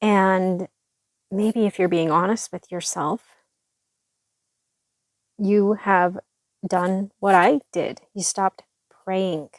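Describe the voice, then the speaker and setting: A woman's voice: mid-range voice, fairly even intonation, drawn-out words, pauses often, dry recording. A woman hosting a devotional podcast, speaking earnestly and encouragingly with a stuffy, congested voice. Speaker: podcast host.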